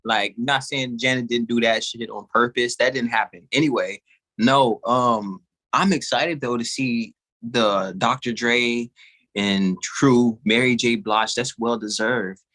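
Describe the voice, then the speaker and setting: A man's voice: medium pitch, a little slow, pushed and bright. A man from East Texas, a singer-songwriter guest, chatting in a laid-back way that often trails off. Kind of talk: casual interview chat.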